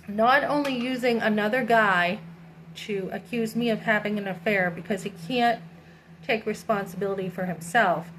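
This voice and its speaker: Animated woman ranting in a vlog. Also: medium pitch, a little hiss or hum, poor audio. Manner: animated storytelling, acting out others' lines. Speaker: vlogger. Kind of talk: candid personal vlog rant.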